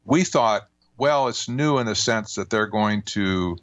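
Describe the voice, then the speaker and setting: An older man talking as a guest author in a radio interview, measured and emphatic, with folksy turns of phrase. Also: fairly low pitch, a bit bright, dry recording.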